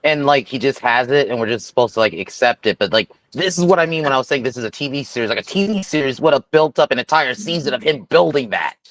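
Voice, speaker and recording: A man co-hosting a casual movie review podcast, chiming in with quick agreement. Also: mid-range voice, expressive, fairly bright tone, no echo, low-quality recording. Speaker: podcast co-host.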